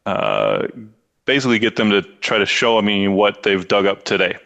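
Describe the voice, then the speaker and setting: Man, tabletop player, bright forceful voice, a bit low, easygoing. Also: sing-song, moderate pace, vocal fry, highs cut off. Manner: easygoing, thinks aloud about rules. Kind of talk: tabletop game play.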